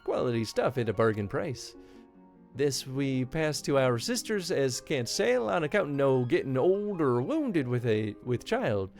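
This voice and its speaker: A man's voice: medium pitch, big pitch swings, unhurried, gravelly, darkish tone, faint music behind, voice pushed up. A man doing a brogue-thick pirate woman. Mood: wry. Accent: Irish. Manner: broad put-on brogue, folksy sailor's talk. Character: gruff seafaring pirate woman, sly and proud. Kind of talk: reading game dialogue aloud.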